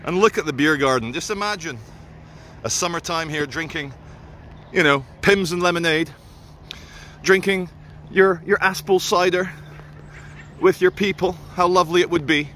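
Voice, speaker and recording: A man's voice: a little high, normal speed, pushed and bright, slight background noise. Chatty northern man filming outdoors. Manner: chatty, sarcastic and opinionated. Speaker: vlogger filming a walk. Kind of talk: walking vlog narration. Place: outdoors on suburban streets.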